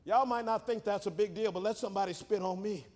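Brief: male preacher, high-pitched, fiery sermon with rapid asides, reverberant sanctuary. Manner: dynamic, swinging from rapid joking asides to loud shouted climaxes. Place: church sanctuary. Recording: reverberant church hall.

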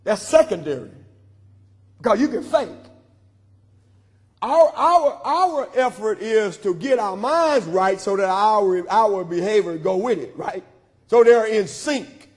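High-pitched male pastor preaching, calls and answers his own questions, big echoey church. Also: animated, takes it slowly. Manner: preaching with call-and-response repetition. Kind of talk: sermon. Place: church sanctuary. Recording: long church hall reverb.

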